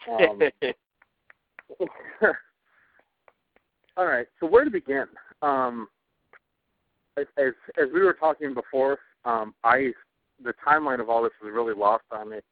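A man's voice: medium pitch, lively intonation, moderate pace, pauses often, dry recording. A man co-hosting a casual talk show, ranting about television with heavy swearing. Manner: ranting, profane, cranky. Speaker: podcast co-host. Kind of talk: casual chat. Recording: tinny phone-like audio, dry.

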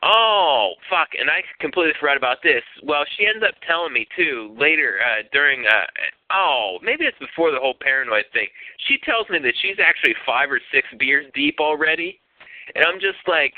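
Animated man telling a profane story. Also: a little high, normal speed, dry recording. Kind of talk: casual storytelling chat. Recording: tinny phone-like radio audio.

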